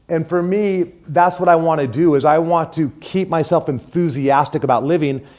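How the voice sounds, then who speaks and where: Energetic man leading a class. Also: a little high. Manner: energetic, prompts the class to repeat phrases. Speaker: trainer. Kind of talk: classroom lecture with call-and-response.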